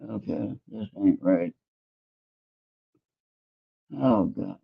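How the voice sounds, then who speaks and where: A tarot reader hosting an internet radio show speaks in a gravelly low voice over a tinny line, with a dry recording. Unhurried and pausing often, he rambles and talks to himself while fumbling with his phone during a casual live spiritual reading and chat.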